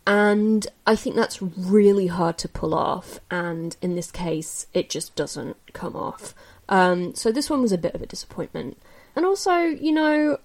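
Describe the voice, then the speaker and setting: Woman chatting through her movie reviews, lots of ums and likes, gets animated when opinionated. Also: mid-range voice, measured pace. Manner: chatty and candid, many fillers and restarts. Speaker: film reviewer. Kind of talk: casual spoken film review.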